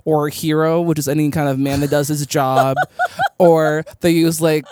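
A woman's voice: deep voice, fairly even intonation, normal speed, darkish tone, slight background noise. A woman co-hosting a TV recap podcast in casual chat, rambling with many fillers and frequent laughs. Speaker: podcast co-host.

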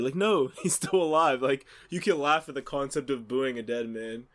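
A man's voice: medium pitch, normal speed. A man chatting casually on a podcast, giving opinions and often restarting his sentences. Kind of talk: casual chat.

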